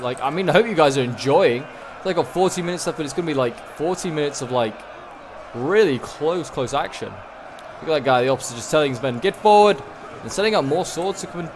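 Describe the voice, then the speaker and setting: A man giving casual, excitable play-by-play commentary on a strategy game battle, rambling with lots of fillers. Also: mid-range voice, noisy background. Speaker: gaming channel host.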